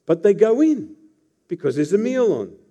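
A man's voice: high voice, big pitch swings, moderate pace, warm tone. A man preaching a sermon as pastor, telling the story with playful asides to the congregation.

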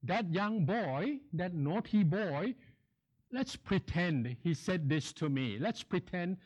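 A middle-aged male pastor preaching at a slow, deliberate pace. His voice sits a little higher than most men's, and he leans on repetition to drive each point home. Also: expressive, darkish tone, highs cut off. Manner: emphatic, repeats phrases for stress. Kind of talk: sermon.

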